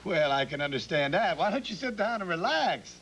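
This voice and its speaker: An excitable talk-show host. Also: male voice, sits high, fairly quick. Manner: lively, laughing, keeps calming a rowdy audience. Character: fast-talking male talk-show host, excitable showman. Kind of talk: sketch comedy talk-show bit. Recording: loud studio audience noise.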